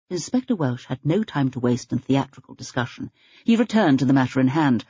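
A woman narrating a story in an even, unhurried manner. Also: extremely low pitch, slightly rough, no room sound, dull audio. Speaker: audiobook narrator. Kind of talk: scripted narration.

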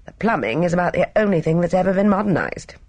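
A reader doing a gruff, fierce old housekeeper. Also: mid-range voice, big pitch swings, fast, darkish tone, dry recording, pitched above the performer's own voice. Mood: brusque, scolding. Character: gaunt, gruff elderly housekeeper woman, brusque. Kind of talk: audiobook character reading.

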